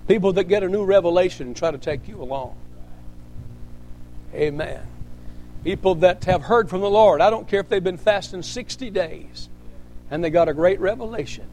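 Pastor guy preaching, high-pitched voice, keeps tossing in amen and praise god. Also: normal speed, long pauses, darkish tone, slight background noise. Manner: emphatic preaching with frequent amens and praise interjections. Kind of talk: sermon.

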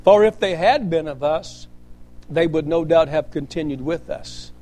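A man preaching a sermon, his voice sitting high for a man. He drives his points home emphatically, peppering them with amens and shouts of praise. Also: unhurried. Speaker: pastor.

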